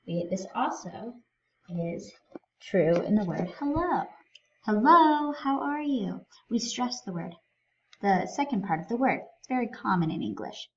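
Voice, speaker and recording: A woman's voice: mid-range voice, big pitch swings, normal speed, a little mellow, highs cut off, a little hiss or hum. A woman teaching a recorded lesson, explaining things step by step in a patient way.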